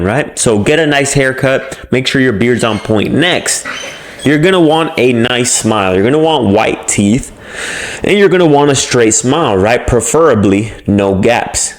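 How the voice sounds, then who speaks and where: A young man hosts a self-improvement talk in a blunt, coaching way. His voice sits at an ordinary middle pitch, and he swears freely as he pushes his listeners. His delivery is casual and animated throughout. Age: young adult. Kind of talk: casual motivational monologue.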